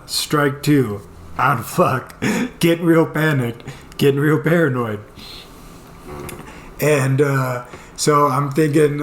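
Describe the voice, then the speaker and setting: A young man telling a casual story about himself, animated, laughing often and acting out his own panicked lines. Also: mid-range voice. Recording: echoey room.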